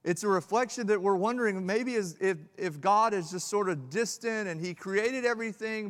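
A male pastor preaching a sermon, swinging from loud emphatic peaks to hushed, low lines. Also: gravelly. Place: church hall. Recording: long hall reverb.

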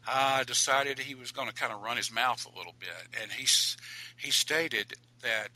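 A man, an author and guest, telling a ghost story in an animated, dramatic way. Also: medium pitch, normal speed, rough recording.

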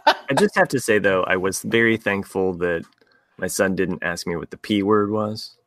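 A man co-hosting a casual podcast, talking haltingly with many restarts. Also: sits low, lively intonation, a bit bright, no room sound. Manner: hesitant, filler-heavy, amused. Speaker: podcast co-host. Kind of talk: casual chat.

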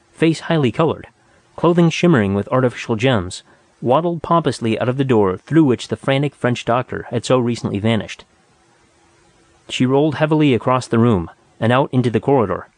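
A man reads a story aloud in a steady, measured way, with a mid-pitched voice. The recording is dry and close, with no room sound. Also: no echo. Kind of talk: audiobook narration.

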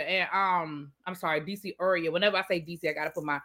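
A woman with a Washington DC accent, chatting casually on a livestream and answering her viewers' comments with drawn-out asides. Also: on the low side, fairly even intonation, pushed and bright. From Washington DC area. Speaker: livestream host.

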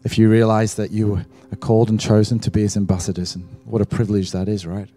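A man's voice: on the low side, flat delivery, fast talker, dark tone. A man leading a church service as pastor, encouraging the congregation. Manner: encouraging, exhorting. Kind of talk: sermon.

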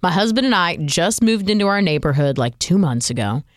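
A woman co-hosting a radio show, chatty and expressive, laughing often. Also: fairly low pitch, brisk, no room sound, clean studio sound. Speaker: radio co-host. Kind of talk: casual radio banter.

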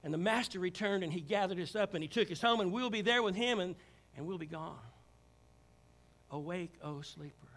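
A male pastor preaches from the pulpit in a high, bright voice. He builds to loud, emphatic calls to his congregation, then sinks low and hushed for prayer. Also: fast. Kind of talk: sermon. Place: church sanctuary.

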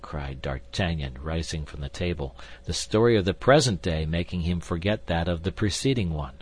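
A man narrating an audiobook with a husky voice, reading in a measured, even way. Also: sits low.

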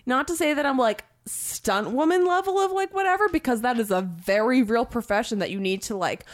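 A woman in her twenties, an actor, chatting casually with lots of swearing and big swings of pitch when she gets excited. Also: brisk. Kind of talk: casual chat.

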